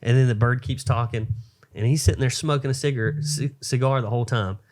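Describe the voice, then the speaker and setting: A man's voice: medium pitch, a little fast, a little mellow. A young adult man co-hosting a podcast, telling a long shaggy-dog joke in a rambling, filler-heavy way. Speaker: podcast co-host.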